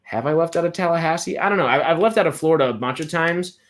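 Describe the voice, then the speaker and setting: A man's voice: a little high, fast talker, a little hiss or hum. A man from Texas hosting a casual livestream chat, rambling with frequent restarts and fillers. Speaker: host.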